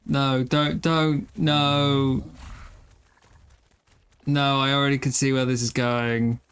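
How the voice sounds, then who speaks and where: A tired man in his thirties rambles through a live game stream, tossing self-deprecating asides to his chat. His voice sits at an ordinary middle pitch for a man, relaxed and unpolished. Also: slow pace, smooth. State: tired, yawning. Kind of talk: casual live-stream chat while gaming.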